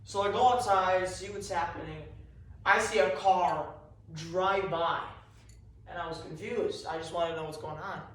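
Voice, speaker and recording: A man's voice: sits high, steady tone, moderate pace, fairly bright tone. A man telling a rambling comic story in a meandering, confused way. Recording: echoey room, far from mic.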